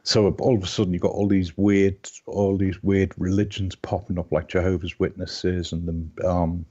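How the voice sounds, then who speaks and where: A man's voice: deep voice, little pitch movement, normal speed, darkish tone. A man in his fifties from Liverpool with a Liverpool accent, a guest chatting casually on a live stream, rambling and often restarting his sentences. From Liverpool, England. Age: 50s. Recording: dull lo-fi call audio.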